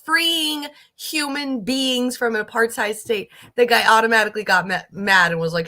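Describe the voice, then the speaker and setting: A woman's voice: on the high side, normal speed, few pauses, sharp tone. A woman hosting a casual reaction video, talking bluntly with profane asides.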